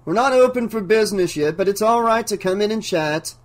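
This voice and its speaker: A man voicing an entranced bank manager who talks slowly in a dreamy, sing-song way, reading an audiobook. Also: sits high, animated, voice pushed up. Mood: dreamy, grandiose. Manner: slow, sing-songy, dreamy.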